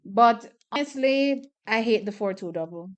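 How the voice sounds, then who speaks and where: A woman calls races and chats through a track meet watch party in a fairly high, smooth and clear voice. She is opinionated and chatty, circling back to hammer her points home. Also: lively intonation, normal speed. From Jamaica. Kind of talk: casual live track commentary.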